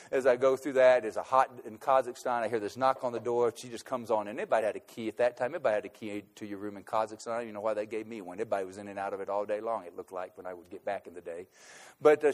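A man telling a personal anecdote, shifting between loud, emphatic bursts and quiet, low asides. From United States. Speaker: speaker recounting a trip abroad.

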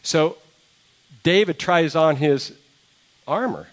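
A man preaching a sermon, telling a story in a relaxed, conversational way and acting out the quoted lines. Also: on the high side, slow pace. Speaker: pastor.

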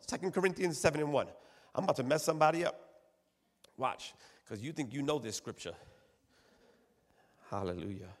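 Husky preacher in an echoing hall. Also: male voice, medium pitch, normal speed, long pauses. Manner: preaching with call-outs and repeated phrases. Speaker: pastor. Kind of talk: sermon. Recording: long echo of a church hall.

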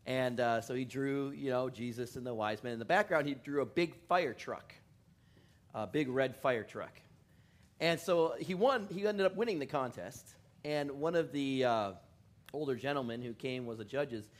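A male pastor preaching a relaxed, joke-filled sermon in a church. He chuckles often, pokes fun at himself and rambles from aside to aside, at a middling pitch. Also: normal speed. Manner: chuckling, self-deprecating, rambling. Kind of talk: joking sermon. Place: church in California.

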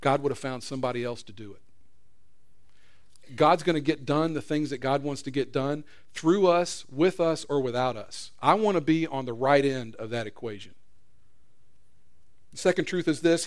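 A middle-aged man preaching a sermon as pastor, an earnest storyteller who swings from loud emphasis to quiet prayer. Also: mid-range voice, moderate pace.

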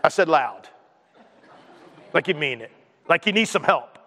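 High-voiced pastor preaching in a reverberant hall. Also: male voice, measured pace. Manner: animated, acts out quoted voices, leads the congregation in responses. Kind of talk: sermon.

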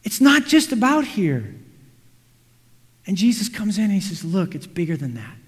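A man preaching a sermon, animated, acting out quotes and everyday scenes. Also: high-pitched, normal speed. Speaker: pastor. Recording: reverberant hall.

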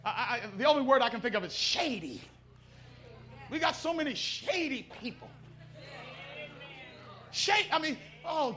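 High, bright-voiced fervent male preacher. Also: animated, unhurried, long pauses. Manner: fervent preaching with call-and-response to the congregation. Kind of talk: sermon.

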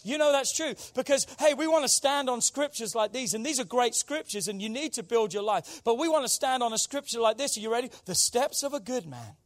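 High-voiced man preaching with fervor. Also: lively intonation, brisk, few pauses. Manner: preacherly call-and-response, swinging between loud exhortation and quiet intensity. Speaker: pastor. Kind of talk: sermon.

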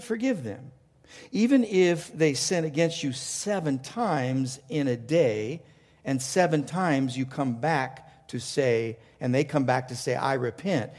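A man's voice: fairly high pitch, animated, unhurried, darkish tone. A male pastor preaching a passionate sermon, asking rhetorical questions and often restarting his sentences. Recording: long reverb of a large hall.

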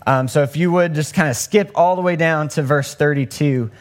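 A young man giving a casual, conversational sermon and acting out the voices in the story. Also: moderate pace. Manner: conversational, acts out the story's voices with rising pitch. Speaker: preacher.

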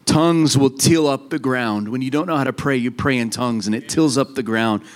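A man's voice: medium pitch, brisk. A man preaching a sermon as a pastor, earnest and fervent.

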